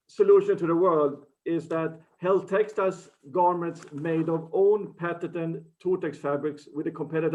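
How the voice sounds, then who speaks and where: A man from Sweden giving an earnest business pitch, with slightly broken phrasing and restarts. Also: a little mellow. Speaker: startup founder pitching. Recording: muffled lo-fi video call audio.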